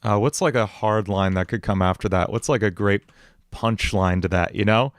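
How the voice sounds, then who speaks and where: A man's voice: on the low side, normal speed, clean tone, no echo, clean studio sound. A male songwriter chatting casually on a livestream, thinking aloud and correcting himself as he goes. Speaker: songwriter and streamer.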